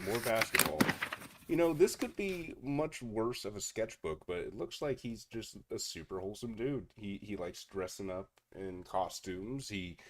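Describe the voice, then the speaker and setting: Streamer, male, fairly low voice; casual incredulous reaction commentary. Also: heavy background noise. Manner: incredulous, often laughing in disbelief.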